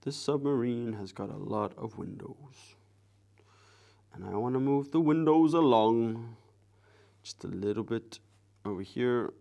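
A relaxed man hosts a live drawing stream and talks to his viewers as he works. He speaks softly, often trailing off into quiet asides, with an easygoing, chatty manner at a middle pitch. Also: a little slow, creaky, pauses often, dull audio. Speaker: live-stream artist host. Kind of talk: casual chat while drawing live.

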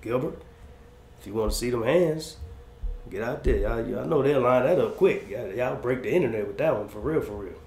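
A man's voice: medium pitch, moderate pace, creaky, darkish tone. A man hosting reaction commentary, giving easygoing street-slang advice. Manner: laid-back, slangy, big-brother advice. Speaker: commentary host. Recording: roomy room with faint noise.

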